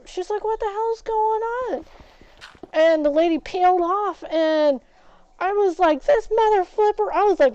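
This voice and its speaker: A woman streaming a game while telling a story in a casual way, getting loud and worked up as she recounts an argument and swapping curse words for "flip". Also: sits high, no room sound, highs cut off. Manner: animated, gets loud and agitated retelling a confrontation, swaps curses for "flip".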